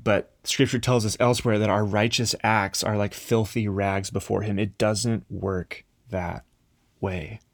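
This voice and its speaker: A man's voice: fairly low pitch, steady tone, a little slow, gravelly, no echo, clean studio sound. A man preaching a conversational sermon, earnest and plain-spoken, with frequent restarts.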